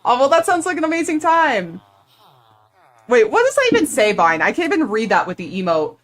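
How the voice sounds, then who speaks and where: A woman's voice: high-pitched, very animated, brisk. Chatty young woman game streamer. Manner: chatty and playful, lots of "like" fillers. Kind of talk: casual live-stream chat.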